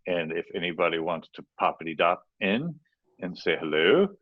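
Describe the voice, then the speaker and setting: A deep-voiced man co-hosting a casual podcast, talking through music business advice in a loose, rambling, playful way. His audio is dry and slightly dull, like a home remote recording. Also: big pitch swings, moderate pace, dry recording. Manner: rambling, playful, restarts often.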